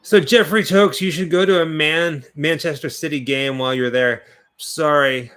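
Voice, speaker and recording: A man's voice: on the high side, normal speed, a bit bright. A man co-hosting a casual horror livestream, reading out viewer comments in an upbeat way. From United States. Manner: reads out chat messages, upbeat. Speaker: co-host of a horror watch-party livestream.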